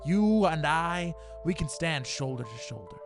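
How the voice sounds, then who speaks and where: A man's voice: fairly high pitch, animated, measured pace, music in the background, pitched above the performer's own voice. A man voicing a devout male cleric who makes an impassioned plea. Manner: impassioned speech.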